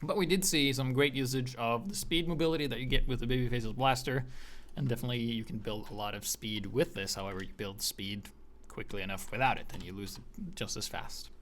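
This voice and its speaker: A man commentating over video game footage, excitable and profane, often breaking into shouts and laughter. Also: medium pitch, brisk. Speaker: gaming commentator.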